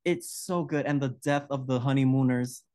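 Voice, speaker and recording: A man's voice: mid-range voice, normal speed, a little mellow. Man, podcast co-host, gushing, effusive, trails off mid-sentence, casual film chat. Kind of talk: casual chat about horror films.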